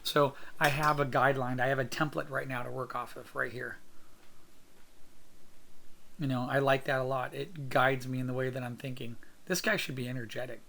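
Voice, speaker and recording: Male art instructor, casual tutorial talk, raspy fry in the voice, positive and chatty. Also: medium pitch, fairly even intonation, normal speed, pushed and bright, a little hiss or hum. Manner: upbeat, encouraging, thinks aloud with fillers. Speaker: art teacher sketching on camera. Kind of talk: casual drawing tutorial narration.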